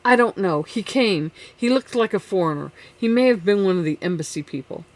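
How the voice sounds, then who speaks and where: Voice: mid-range voice, expressive, a little fast, close to an everyday voice. A reader voicing a weary, listless widow. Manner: listless, pleading. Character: grieving, weary young widow. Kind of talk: audiobook character reading.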